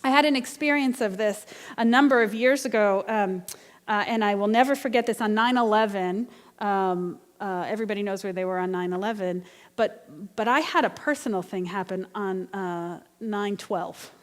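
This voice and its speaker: A woman's voice: medium pitch, moderate pace. Woman preaching in a reverberant hall. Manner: earnest, conversational preaching with personal storytelling. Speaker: guest minister. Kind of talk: sermon. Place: church sanctuary.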